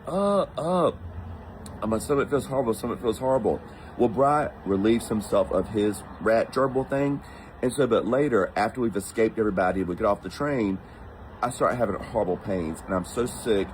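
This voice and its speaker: A man from the United States tells a personal story in a relaxed, animated way. He slips into the voices of the people he quotes. His voice sits on the low side. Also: slight background noise, rough recording.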